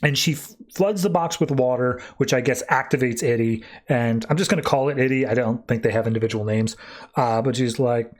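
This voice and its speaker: A man hosting a podcast, recapping a comic issue in a casual, animated way with quick quoted voices. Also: medium pitch. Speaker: podcast host.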